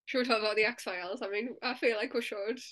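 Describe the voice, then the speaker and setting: A woman's voice: fairly high pitch, steady tone, fast talker, fairly bright tone. A woman co-hosting a casual chat, talkative and laughing often, full of "like" fillers. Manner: chatty, laughs often, many "like" fillers, acts out inner voices. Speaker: podcast co-host.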